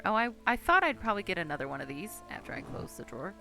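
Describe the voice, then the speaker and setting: A woman's voice: mid-range voice, sing-song, racing, gravelly, few pauses. A woman streamer chatting playfully to herself as she plays a game, giggling often. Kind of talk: casual gameplay commentary. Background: soft game music.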